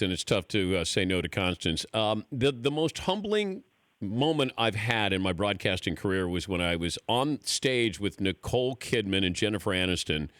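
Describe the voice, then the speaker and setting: Man, radio host, lively up-and-down pitch, jokey and self-deprecating, dry studio sound. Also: dry recording. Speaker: radio talk show host. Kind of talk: casual radio interview.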